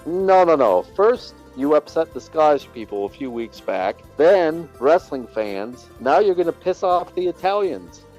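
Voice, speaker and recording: A man's voice: fairly high pitch, sing-song, a little slow, few pauses, a little mellow, lo-fi sound, soft background music. A man co-hosting a casual podcast, stammering and repeating words with dry teasing. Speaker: podcast co-host.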